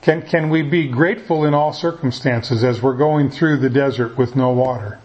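A man giving a conversational sermon, talking in a folksy, halting way with frequent restarts. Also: mid-range voice, dull audio. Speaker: preacher.

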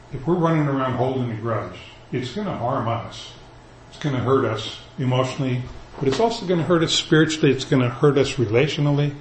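Male pastor, casual sermon delivery, mid-pitched voice, roomy church sound with faint background hum. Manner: conversational, animated, paraphrases scripture in everyday talk. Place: church sanctuary.

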